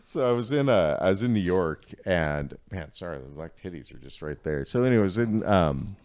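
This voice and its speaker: A man in his thirties chatting casually on a podcast, telling a story and putting on loud voices for the people in it. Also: deep voice, expressive, fairly quick, dry recording. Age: 30s. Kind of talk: casual chat.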